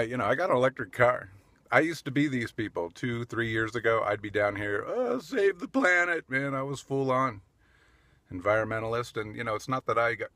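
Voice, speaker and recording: A man with a lowish voice rambles to his handheld camera in a city park. His talk is loose and chatty, with little laughs and restarts. The sound is dry and close, with no room around it. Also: fairly bright tone, no room sound. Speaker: vlogger doing street interviews. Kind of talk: casual rambling vlog talk. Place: outdoors in a city park at a rally.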